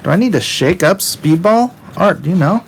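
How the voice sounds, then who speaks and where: A middle-aged comic artist livestreams as he draws, chatting casually in a high, expressive voice with some vocal fry at a moderate pace. He rambles, cracks jokes, and reads viewer comments aloud. A slight hiss or hum runs under the audio.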